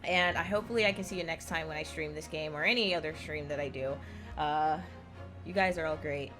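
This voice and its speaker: A woman streaming a game to her live chat, gushing and excitable, rambling with many fillers and swearing when she gets hyped. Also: deep voice, fairly quick. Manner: rambling, with many likes and ums. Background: jazzy game music.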